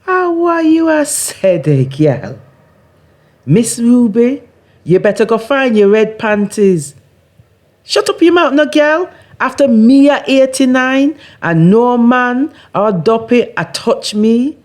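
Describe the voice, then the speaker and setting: A woman voicing a sharp-tongued Jamaican woman of eighty-nine in patois, scolding and feisty in a sing-song way. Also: on the high side, big pitch swings, slow, voice pushed up. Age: 80s.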